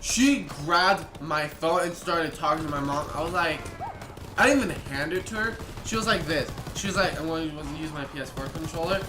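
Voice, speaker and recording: A young man telling a rambling storytime vlog and acting out people's lines in quick bursts. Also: on the high side. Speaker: vlogger. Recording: echoey room, noisy ambience.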